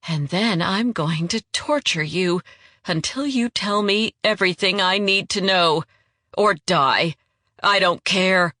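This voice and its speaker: A woman voicing a fierce, vengeful young woman fighter who talks low and hard. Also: slow, sharp tone, dry recording, clean studio sound. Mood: furious.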